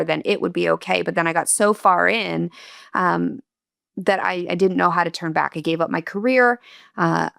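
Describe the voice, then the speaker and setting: A woman's voice: fairly low pitch, creaky, a bit bright, no echo, clean studio sound. A woman guest on an interview podcast, earnestly and candidly telling a personal story in a reflective, emotional way.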